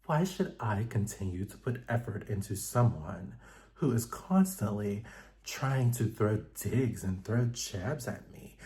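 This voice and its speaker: A man putting on the voice of a prim, soft-spoken woman who is proper, aloof and easily wounded, speaking in a quiet, measured way. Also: on the low side, animated. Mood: aggrieved.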